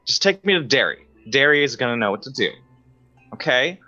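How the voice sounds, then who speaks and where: Guy doing a scared pregnant mouse lady, raised voice, rushing, faint music, muffled. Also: mid-range voice, sing-song, pushed and bright, voice pushed up. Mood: anxious. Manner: hurried, pleading. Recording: slightly dull audio with faint music.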